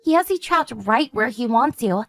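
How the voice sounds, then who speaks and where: Lively, high-pitched composed sister, a woman voicing her for an animated story. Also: vocal fry, soft background music. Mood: steady. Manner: measured, explanatory storytelling. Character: calm woman warning her sister about a stalker ex.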